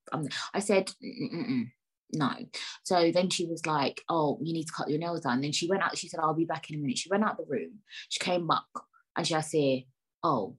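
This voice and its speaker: A young woman telling an animated, exasperated story to her viewers in slangy, casual speech. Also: on the low side, slightly rough. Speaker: vlogger.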